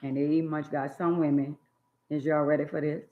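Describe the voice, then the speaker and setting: An older woman with a deep, flat voice hosts her own channel, scolding in a blunt, preachy monologue and drawing out words for emphasis. It's an opinionated rant captured in dull lo-fi phone audio.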